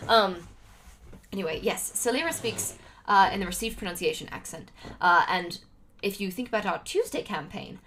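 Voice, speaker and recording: A woman's voice: medium pitch, expressive, normal speed, fairly bright tone, a little hiss or hum. A young woman from Utah, a streamer chatting casually to her livestream, rambling with lots of fillers and restarts. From Utah, United States. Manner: rambling, with many fillers and restarts and frequent laughs.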